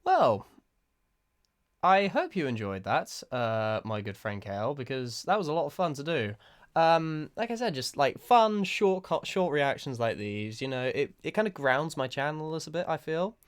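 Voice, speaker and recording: Excitable man reacting to a video. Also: on the high side, normal speed, clear, resonant tone. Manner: excitable, laughing, rambling. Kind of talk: casual reaction commentary.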